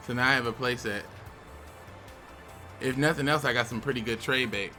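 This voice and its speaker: A young man with a bright, forceful voice talks slowly and casually as he opens game card packs, drawling his words. Faint music plays quietly behind him. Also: medium pitch. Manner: relaxed, chatty, with sudden excited outbursts. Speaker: YouTube host.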